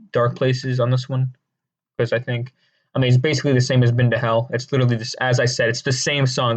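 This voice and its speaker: Rambling deadpan man on a lo-fi mic. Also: medium pitch. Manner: rambling, deadpan, crude jokes, many fillers and restarts. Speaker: video creator ranking songs. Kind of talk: casual comedic commentary.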